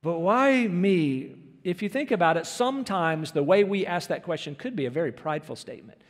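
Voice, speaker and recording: High-voiced preacher in a reverberant hall. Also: male voice, lively intonation, quick pace. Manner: earnest, emphatic preaching with rhetorical questions. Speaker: pastor. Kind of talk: sermon.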